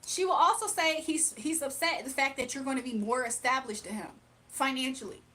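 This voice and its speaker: High-voiced woman giving a spiritual reading. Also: fairly quick, sharp tone. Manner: casual, emphatic, repetitive. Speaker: spiritual reader.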